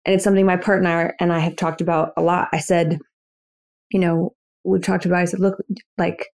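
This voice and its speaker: A woman's voice: lowish voice, level tone, brisk, darkish tone. A pregnant woman in her thirties, a podcast guest, talking in a reflective, laid-back way with many fillers. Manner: reflective, laid-back, lots of "you know". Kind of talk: casual chat.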